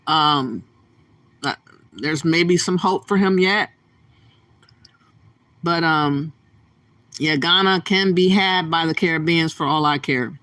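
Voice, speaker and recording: A man hosting a casual livestream from his phone, reading viewer comments aloud in a relaxed way with fillers. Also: on the high side. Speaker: livestream host.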